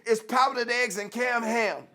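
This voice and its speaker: A man performing spoken word poetry in a rhythmic, defiant delivery that swings from soft to shouted. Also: extremely high pitch, unhurried. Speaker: performance poet.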